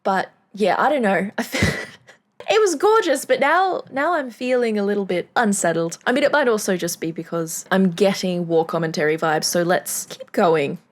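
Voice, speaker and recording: A woman vocal coach talks through her reaction to a track, chatty and thinking out loud. She breaks into small laughs as she goes, and her voice sits at an ordinary middle pitch. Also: normal speed, few pauses. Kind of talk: reaction commentary.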